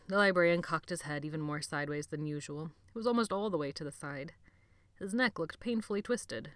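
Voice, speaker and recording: A woman narrates a novel in a slow, measured reading. Her voice sits a little low, and the recording is close and dry, with no room sound. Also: a bit bright, dry recording. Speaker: audiobook narrator. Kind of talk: scripted narration.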